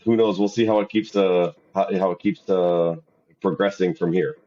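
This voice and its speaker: A fairly low-voiced middle-aged man from Wisconsin who co-hosts a podcast and agrees easily, hesitating and filling pauses as he talks. His audio is slightly dull and lo-fi. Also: fairly even intonation, mellow. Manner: agreeable, hesitant with many fillers. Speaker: podcast co-host. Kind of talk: casual chat.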